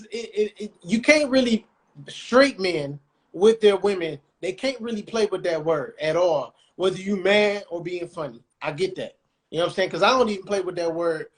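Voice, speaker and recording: A man's voice: high voice, moderate pace. A man hosting a podcast, chatting casually and animatedly in laid-back slang. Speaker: podcast host.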